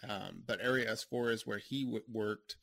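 A man's voice: fairly low pitch, steady tone, moderate pace, vocal fry, fairly bright tone. A man co-hosting a podcast, chatting casually, laughing often and rambling through long explanations. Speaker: podcast co-host. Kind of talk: casual chat.

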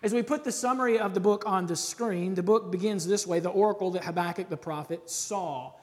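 A man with a high voice preaches in a church, his words trailing into a long hall reverb. He reads scripture dramatically, climbing louder and higher on the quotes. Then he drops back to quiet, chatty asides. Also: a little fast. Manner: dramatic scripture reading, rising loud and high on quotes, dropping soft for asides; conversational with occasional laughs and fillers. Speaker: pastor. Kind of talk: sermon.

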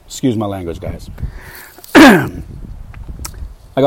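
A podcast host with a fairly low male voice tells a personal story in a candid, heated, conversational way. He leans on fillers and restarts as he goes. Faint clicks sit under the recording. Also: normal speed, background noise. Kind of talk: casual storytelling monologue.

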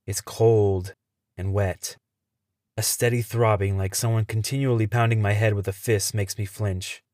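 A man who hosts a podcast, telling a tense first-person story in a measured way. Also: fairly low pitch, steady tone, a little mellow, no echo, studio quality.

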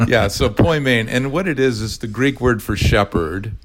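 An older man, a retired pastor, explaining his ministry in a measured, careful podcast conversation. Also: medium pitch, a little hiss or hum. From California. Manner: measured, explanatory, spells words out.

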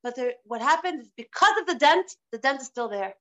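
A woman's voice: sits high, expressive, a little fast, bright, forceful tone. A woman teaching a live online religious class, stressing points by repeating phrases, over a video call.

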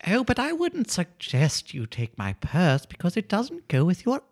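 A man voicing a sweet, fussy old lady who gushes over a robber, in a high quavering falsetto. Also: wildly swooping pitch, moderate pace, full character voice. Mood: doting. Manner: fussy, overly generous, gushing.

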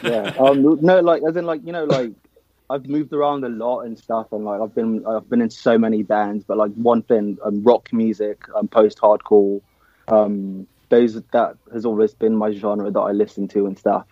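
A man's voice: lowish voice, normal speed, dry recording, highs cut off. A young man from Nigeria, a band's drummer, chatting casually in an interview and often saying "um" and "man". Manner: relaxed, filler-heavy, says man and dude. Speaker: band drummer.

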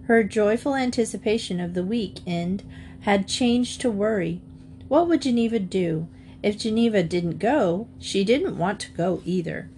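A woman narrating a children's storybook in a steady, expressive voice. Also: mid-range voice, unhurried, slight background noise. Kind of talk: storybook reading.

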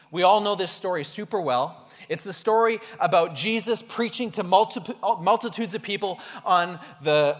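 A male pastor preaching an animated, conversational sermon to his congregation in a church hall. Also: high-pitched. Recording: echoey hall reverb.

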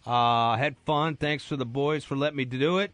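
A man's voice: mid-range voice, fairly even intonation, normal speed, fairly bright tone, dry recording. A man filling in as radio host, talking sports in a casual, rambling, joking way in a studio. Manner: rambling, joking, self-deprecating.

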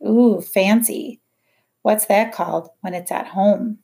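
A woman voicing a harsh, scornful working-class mother, low and furious as she reads a storybook scene. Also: fairly even intonation, takes it slowly, gravelly, mellow.

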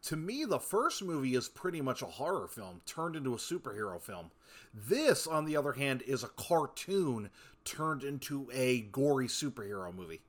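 A man in a casual podcast conversation, excitable and casually swearing as he shares opinions. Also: mid-range voice, moderate pace. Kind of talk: casual chat.

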